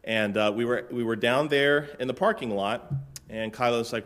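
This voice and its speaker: A middle-aged man from Florida, a pastor telling a relaxed story from the pulpit with dry humor and lots of fillers. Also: medium pitch, normal speed. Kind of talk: casual sermon-opening story.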